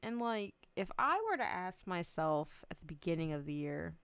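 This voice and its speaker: A woman's voice: fairly low pitch, lively intonation, moderate pace, fairly bright tone, clear, resonant tone, dry recording. A woman streamer chatting casually on a livestream, emotional and close to tears, laughing often and swearing freely. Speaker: VTuber streamer.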